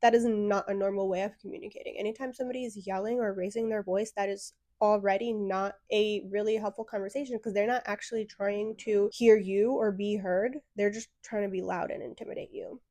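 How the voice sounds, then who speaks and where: Frank young woman, advice talk, warm mellow tone, dry close sound. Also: mid-range voice, fairly even intonation, a little fast, few pauses, dry recording. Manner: blunt, frank, sassy asides. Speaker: coach answering viewer questions. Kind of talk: direct-to-camera advice talk.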